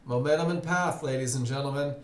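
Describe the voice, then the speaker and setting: A man teaching a live trading webinar in a relaxed, conversational way, often putting questions to his audience. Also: medium pitch, fairly quick, echoey room. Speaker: trading instructor. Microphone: computer mic on a live webinar.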